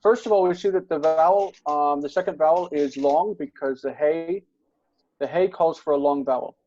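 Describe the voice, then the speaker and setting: A man's voice: a little high, normal speed, dark tone, lo-fi sound. A man tutoring Biblical Hebrew grammar, patient and explanatory, checking in often with his students. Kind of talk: online tutoring session.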